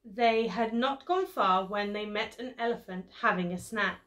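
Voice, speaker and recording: Slow, bright-voiced teacher reading. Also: female voice, mid-range voice. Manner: slow, clear storybook reading. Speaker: primary school teacher. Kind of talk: reading a picture book aloud.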